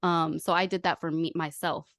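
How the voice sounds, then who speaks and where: With a low-pitched voice at normal speed, this podcast host opens up about her personal life, voicing the quoted lines of others in animated fashion. The sound is dry and studio-clean.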